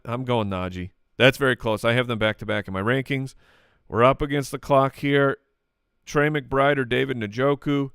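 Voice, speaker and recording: A man hosting a live podcast, answering listener questions in rapid fire, joking and restarting often. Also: mid-range voice, a bit bright, clean tone, no room sound, studio quality.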